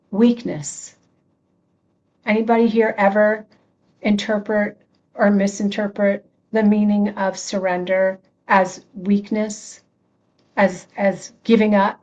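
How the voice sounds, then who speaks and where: A woman reverend leads an online prayer circle in an unhurried, chatty way, often restarting her phrases. She answers viewers' comments as she talks. The audio is muffled, with the dull lo-fi sound of a web stream. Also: mid-range voice, fairly even intonation, darkish tone. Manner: conversational, repeats and restarts phrases, laughs often; reads and answers chat comments. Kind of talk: informal spiritual talk.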